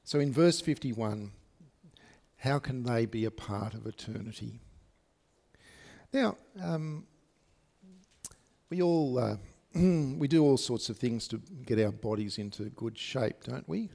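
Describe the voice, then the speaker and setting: Aussie guy preaching a sermon, gravelly, lots of ums, talks right to the congregation. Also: mid-range voice, slow, pauses often, warm tone. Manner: conversational, with frequent fillers and asides to the congregation. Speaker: pastor. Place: church service.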